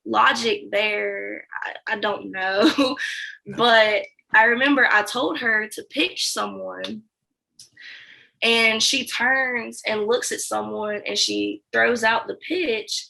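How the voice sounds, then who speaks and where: Candid and animated, a young woman interviewee who used to work as a sales account manager recounts her experience and performs the quoted dialogue. She talks slowly in a slightly high voice with vocal fry, captured in a rough recording.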